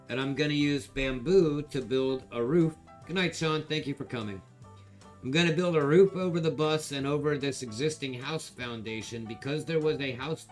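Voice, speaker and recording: A man of ordinary pitch hosts a livestream auction, talking loosely and chatting with his viewers. He rambles through stories in a relaxed, conversational way. Faint guitar music plays quietly behind him. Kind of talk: casual livestream chat.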